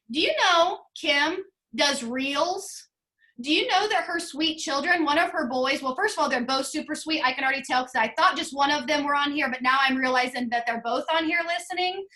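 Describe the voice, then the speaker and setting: Woman, high voice, bright tone, emotional, earnest, team leader, video call. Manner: emotional, earnest, talks in quick bursts.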